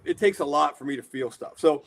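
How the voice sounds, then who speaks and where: This is an American man in his forties, a horror collector chatting as a guest on an interview show. He tells his stories in an animated, rambling way, stacking fillers and asides. His voice sits a little higher than most men's. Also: brisk, creaky. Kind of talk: casual storytelling interview.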